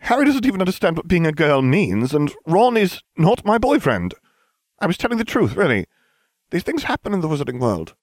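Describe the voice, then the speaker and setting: A man voicing a frantic, studious teenage girl witch, high-pitched and scolding. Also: huge pitch swings, a little fast, no room sound. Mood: flustered.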